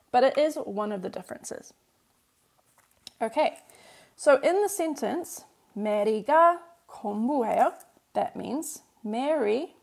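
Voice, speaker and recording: Gravelly patient woman teaching a lesson. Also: fairly high pitch, a little mellow. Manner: patient, repeats and rephrases points. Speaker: Korean language teacher. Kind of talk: live-streamed workbook lesson.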